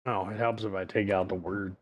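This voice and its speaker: A man's voice: deep voice, steady tone, a little fast, breathy edge. A male streamer in casual livestream chat, rambling, loose and profane.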